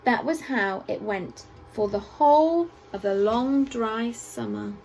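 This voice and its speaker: A woman teacher reading a picture book aloud to children at a school assembly, with expressive storytelling and playful asides. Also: fairly high pitch, takes it slowly, creaky, slight background noise, poor audio.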